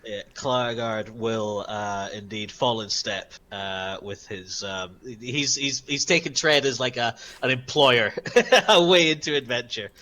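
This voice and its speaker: A man's voice: mid-range voice, measured pace, pushed and bright. A man playing a tabletop game, describing his character's actions in a hesitant, rambling way. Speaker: player.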